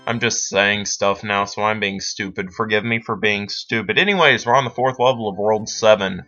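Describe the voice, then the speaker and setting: A man's voice: on the low side, moderate pace, sharp tone. A teenage boy in his late teens giving rambling, self-deprecating commentary while he plays a game. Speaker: let's play host. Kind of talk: gameplay commentary. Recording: dull lo-fi sound. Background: faint game music.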